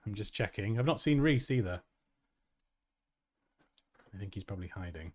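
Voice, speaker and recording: A man's voice: fairly low pitch, lively intonation, normal speed, a little hiss or hum. A man hosting a casual design tutorial livestream, chatty and self-mocking, who laughs often and reads chat comments aloud.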